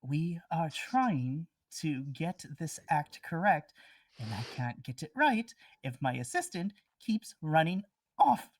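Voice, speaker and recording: A woman voicing an elegant male magician in his forties who scolds his son in a slow, measured way. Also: deep voice, big pitch swings, no echo, far from the mic, full character voice. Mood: stern.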